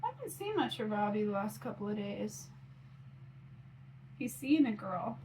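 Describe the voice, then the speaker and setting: A woman's voice: medium pitch, big pitch swings, normal speed, darkish tone, slight background noise, poor audio. A woman in her forties chatting casually on her phone camera while doing her makeup, rambling with lots of fillers. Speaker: mom vlogger.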